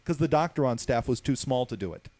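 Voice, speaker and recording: A man, a hospital security guard, telling stories casually on a talk show, profane and animated, leaning on the word basically. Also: medium pitch, fast. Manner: profane, animated storyteller, many fillers like "basically".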